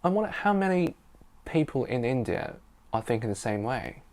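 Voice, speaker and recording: A very animated man with a mid-range voice, speaking at a normal speed, shares a personal story in English. He's from China, his first language is Mandarin, and he's an interpreter and storyteller whose chatty delivery is full of "you know" and "um," set over soft guitar music.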